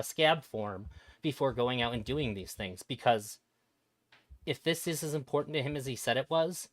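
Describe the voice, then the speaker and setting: A man in a casual stream discussion, his voice dry and close with no room sound. He argues earnestly in long sentences and pauses on "uh" as he builds his point. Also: medium pitch, fairly bright tone, no room sound. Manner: earnest, reasoning at length with fillers. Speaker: guest.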